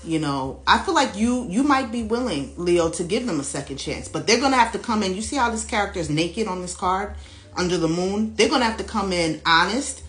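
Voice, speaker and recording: Chatty woman tarot reader, echoey room. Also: mid-range voice. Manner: animated and chatty, laughs often, talks to viewers directly. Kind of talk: casual tarot reading to camera. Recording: echoey room with faint music behind.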